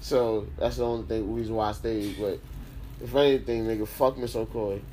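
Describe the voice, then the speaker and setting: A man's voice: on the low side, fairly even intonation, moderate pace, mellow, slight background noise. A young man in casual chat with friends, telling a story with heavy slang and swearing, acting out the people in it.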